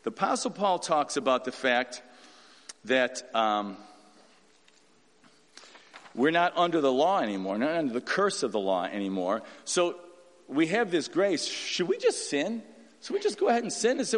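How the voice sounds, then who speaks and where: A man preaching a casual sermon, his fairly high voice swooping up and down as he acts out the people he quotes. The sound carries the long reverb of a large hall. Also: moderate pace, pauses often. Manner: folksy and animated, acting out quotes in voices. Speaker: pastor. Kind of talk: informal sermon.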